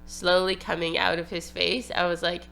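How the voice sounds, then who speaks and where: A young woman chatting casually as a podcast guest, in a relaxed, talkative way. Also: lowish voice, normal speed, vocal fry, a little hiss or hum. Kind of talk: casual chat.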